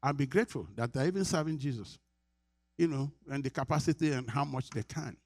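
A man's voice: medium pitch, a little fast, darkish tone, no echo, studio quality. A middle-aged Nigerian man preaching a sermon as pastor, earnest, repeating his phrases and laughing often.

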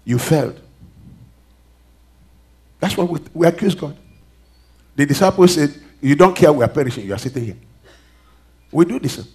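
Preacher, male, high-pitched, call-and-response delivery with sharp swings in volume. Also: expressive, moderate pace, long pauses. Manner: call-and-response preaching, reads scripture aloud, swings loud and soft. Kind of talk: sermon.

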